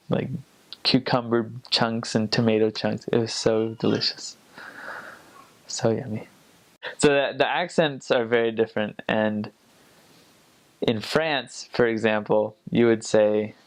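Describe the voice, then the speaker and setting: A young man who served as a missionary tells stories in a casual, rambling way, full of fillers and restarts. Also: fairly low pitch. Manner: rambling, many fillers and restarts, imitates accents. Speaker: returned missionary. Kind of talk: casual storytelling.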